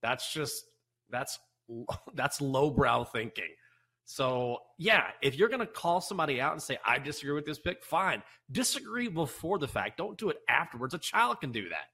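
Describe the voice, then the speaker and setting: A man's voice: medium pitch, big pitch swings, moderate pace, creaky, bright, forceful tone, slightly rough. A man giving blunt, emphatic opinions on a sports betting show. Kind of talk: opinion commentary.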